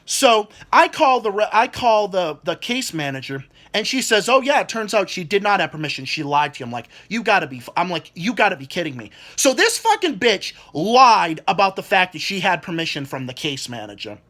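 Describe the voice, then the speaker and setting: Swearing young man ranting, high and lively. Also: brisk, few pauses. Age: 20s. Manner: swears constantly, repeats words, mimics people in quotes. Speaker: vlogger. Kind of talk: angry rant.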